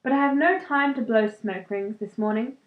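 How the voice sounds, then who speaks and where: A woman reading aloud as a wry, persistent old male wizard, her voice slightly lowered and stumbling now and then. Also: normal speed, reverberant, phone-quality sound, close to an everyday voice.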